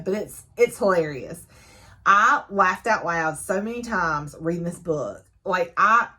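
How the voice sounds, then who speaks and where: A young adult woman reviewing a book in a casual chat to camera, talking freely with fillers and frequent laughs. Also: lowish voice. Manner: chatty, laughs often, lively fillers.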